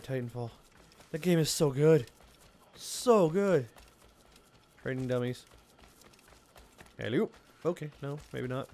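A man's voice: medium pitch, a little mellow. A young man giving casual let's-play commentary, rambling and mocking himself as he goes. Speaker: gaming video host.

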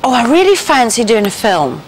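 A woman's voice: fairly high pitch, very animated, normal speed, a little hiss or hum, low-quality recording. Hesitant London woman in her forties. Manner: hesitant, many ums and restarts. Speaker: actress guest. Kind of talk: talk show interview.

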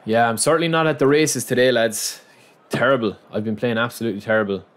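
A man's voice: medium pitch, steady tone, quick pace. Frustrated man narrating his gameplay. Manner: frustrated, muttering self-talk that bursts into loud outcries at the game. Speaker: gaming channel host. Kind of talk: live commentary over his own football video game.

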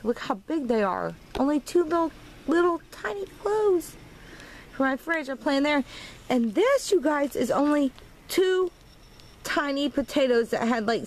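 A woman's voice: mid-range voice, a little hiss or hum, poor audio. A woman vlogging at home and in her yard, tipsy and slightly slurred from wine, rambling and venting her frustration. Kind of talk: casual vlog monologue.

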